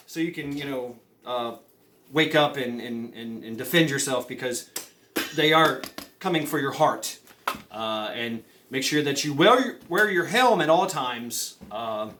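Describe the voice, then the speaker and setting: A man giving mock-serious survival advice in a rambling comedy monologue, full of fillers and stammered restarts. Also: medium pitch. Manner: rambling, with many fillers, stammered restarts and deadpan conspiracy talk. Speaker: comedy vlogger.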